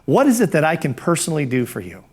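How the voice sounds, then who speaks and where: A man voicing an elderly retired gentleman on the phone, brisk and fatherly, calling the listener son. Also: a little high, wildly swooping pitch, breathy edge, full character voice. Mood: emphatic. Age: 80s.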